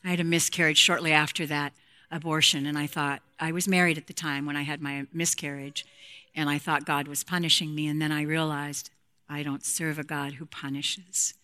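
A woman's voice: low voice, level tone, normal speed, sharp tone. A woman speaking frankly to a women's group about marriage and intimacy, playful and direct, acting out quotes from couples.

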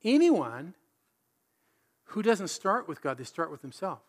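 A man preaching a sermon in an animated, conversational way, full of rhetorical questions. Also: sits high, unhurried. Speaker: pastor.

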